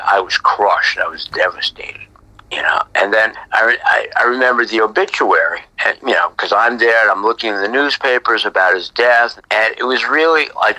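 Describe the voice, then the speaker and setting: A middle-aged man, a graffiti artist, telling stories from his past in a chatty way that often sinks into a breathy whisper. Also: fairly low pitch, pushed and bright, no echo, rough recording. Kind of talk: casual storytelling interview.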